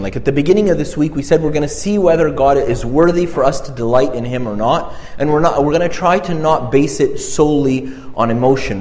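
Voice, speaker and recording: A man preaching a conversational sermon, earnest and halting, often repeating and restarting his phrases. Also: mid-range voice. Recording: reverberant hall.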